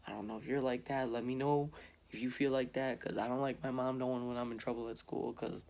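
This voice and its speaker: A man's voice: medium pitch, fairly even intonation, fairly quick, gravelly. A young man telling a casual story to camera, rambling with frequent restarts and acting out what others said. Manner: rambling, restarts often, acts out quotes. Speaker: vlogger.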